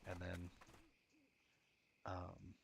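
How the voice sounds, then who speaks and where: A man's voice: low voice, monotone, very slow, vocal fry, slight background noise. A sleepy man streaming a game, chatting casually and rambling, laughing at himself and swearing freely. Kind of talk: casual live-stream commentary. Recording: game music playing underneath. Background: game music.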